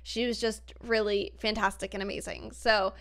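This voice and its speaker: A woman's voice: medium pitch, fairly even intonation, moderate pace, gravelly, a bit bright. A young woman hosting a casual gaming video, gushing and chatty, peppering her talk with "like". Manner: bubbly, gushing, says "like" often. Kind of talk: casual gameplay commentary. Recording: music playing behind voice.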